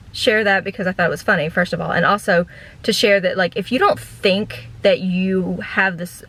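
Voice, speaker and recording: A woman in her thirties chatting casually in a storytime from her car, deadpan and rambling, with lots of "like" fillers. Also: lowish voice, rough recording. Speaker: vlogger and former theme park ride guide.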